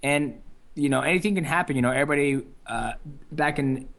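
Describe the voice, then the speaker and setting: A man's voice: a little high, fairly quick, a bit bright. A young adult man answering interview questions in an easygoing way, with many fillers and restarts. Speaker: interview guest, fighter. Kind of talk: casual phone interview.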